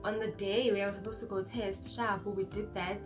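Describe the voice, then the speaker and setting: A woman's voice: medium pitch, normal speed, over music. A young woman in her twenties with a South African, Zulu-inflected accent, telling a personal story in a casual, chatty vlog and acting out the people in it. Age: 20s. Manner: chatty, animated, code-switching with acted quotes. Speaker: vlogger.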